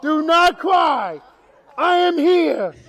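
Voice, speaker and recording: A man's voice: extremely high pitch, animated, extremely slow, a bit bright, some chatter behind. A man on a convention panel, joking and cheering on his fellow panelist. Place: convention hall.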